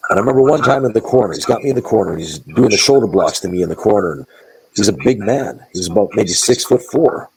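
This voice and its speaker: A man's voice: fairly low pitch, gravelly, a little mellow, a little hiss or hum, poor audio. A man telling blunt, profane, emphatic stories as a guest in a wrestling interview, often restarting his words. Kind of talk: candid interview storytelling.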